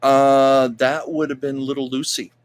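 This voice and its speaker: A man's voice: medium pitch, level tone, a little slow. Chatty male live-stream host. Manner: chatty, rambling, with frequent fillers and asides. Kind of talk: casual storytelling and reading viewer comments.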